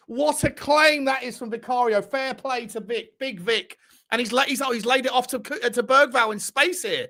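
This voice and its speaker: A young man with a high voice calls a football match live for his viewers. He is excitable, bursts into shouts at near-misses, and swears freely between calmer stretches of commentary. He talks straight to his audience throughout. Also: moderate pace. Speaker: fan channel host.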